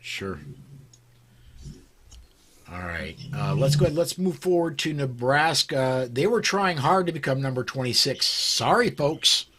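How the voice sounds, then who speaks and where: A man hosting a podcast in a middle-pitched voice. He is from South Dakota and talks in a halting way, with many restarts. He steers the talk and hands it off to the others. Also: sing-song, a bit bright, slightly rough. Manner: hesitant, lots of restarts. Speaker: podcast host. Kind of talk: casual news discussion.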